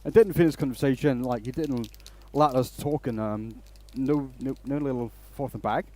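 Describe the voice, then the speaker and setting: A man's voice: medium pitch, normal speed, darkish tone. A man hosting a woodturning live stream in a workshop, chatting casually and rambling through stories.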